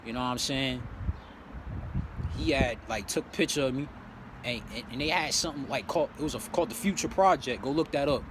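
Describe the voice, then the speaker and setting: A young man in casual storytelling, animated and swearing freely, with many fillers. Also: mid-range voice, fairly quick, background noise. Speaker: vlogger.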